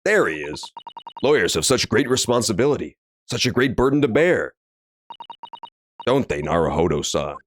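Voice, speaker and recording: A man voicing a polite young woman disguised as a man, speaking low and formally. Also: very animated, moderate pace, pauses often.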